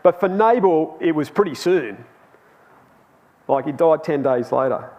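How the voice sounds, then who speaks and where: A man's voice: on the high side, expressive, measured pace, a little mellow, muffled recording. A man telling a personal story in a chatty, anecdotal sermon to a youth Bible class in a church hall. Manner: chatty and anecdotal, with laughs and restarts.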